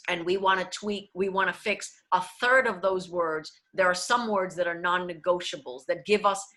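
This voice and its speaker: Bright-voiced woman coaching diction. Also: medium pitch. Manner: explanatory, switches into Spanish phrases. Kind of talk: online workshop talk.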